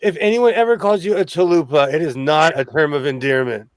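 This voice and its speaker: A man's voice: on the high side, a little fast, no echo. A man hosting a casual sewing chat, telling stories and laughing often. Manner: animated storyteller who laughs often. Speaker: host.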